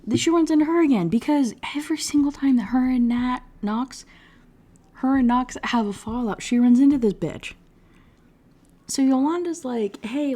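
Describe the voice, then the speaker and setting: A woman giving a casual, profane rant review, retelling scenes with sarcastic asides and quick put-on voices. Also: a little high, a little mellow. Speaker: book reviewer.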